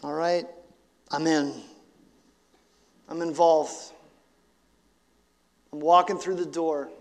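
A man of about forty, a pastor, preaching a sermon in a casual, animated way that swells into emphatic bursts. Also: fairly high pitch, slow, in a large hall. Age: 40s. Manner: animated, conversational, rising to emphatic outbursts.

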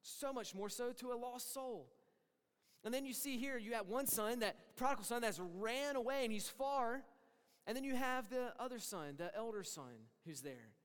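A man preaching a sermon as pastor, moving between hushed lines and emphatic ones and acting out the voices he quotes. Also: extremely high pitch, animated, normal speed, clean tone, big-room sound.

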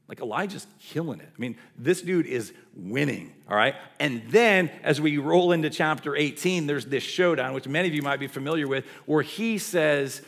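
A male pastor preaching a sermon, retelling a story in a lively way with casual asides. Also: medium pitch, moderate pace.

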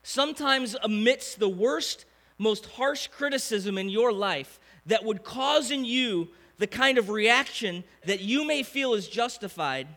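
A man's voice: sits high, a little slow. A man, preaching a conversational sermon full of questions to the congregation. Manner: animated, conversational preaching with rhetorical questions to the crowd. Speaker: pastor.

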